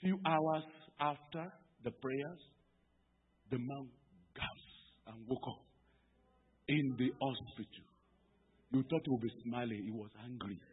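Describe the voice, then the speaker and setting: A male pastor delivers a dramatic sermon, dropping to a hush and then rising to a shout. His voice is husky and fairly high. The sound is thin and phone-like, with a long reverb in a large church hall. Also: slow pace, pauses often. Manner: dramatic preaching, swinging from hushed to shouted.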